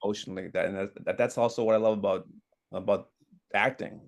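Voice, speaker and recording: A man from outside Boston with a Boston accent, a guest chatting casually on a podcast, talking in halting bursts with many restarts. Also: on the low side, fairly even intonation. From outside Boston, USA. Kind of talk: casual chat.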